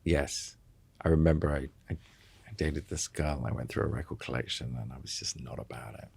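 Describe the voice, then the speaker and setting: A man's voice: rumbling low, a little fast, creaky, a little mellow, slight background noise. A man in his thirties, a podcast guest, chatting casually and rambling through fillers and restarts. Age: 30s. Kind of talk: casual chat.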